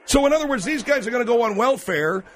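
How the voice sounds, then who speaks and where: A male talk radio host with a high, lively voice, needling his guest calmly and provokingly. He keeps the conversation moving, pressing his point with a teasing edge. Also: fast. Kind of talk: comedic radio talk show.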